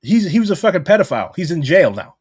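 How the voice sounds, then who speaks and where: Brief: heated, profane American man, husky tone, casual podcast chat. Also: high-pitched, sing-song, quick pace, darkish tone, no echo, clean studio sound. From United States. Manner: blunt, profane, heated rants.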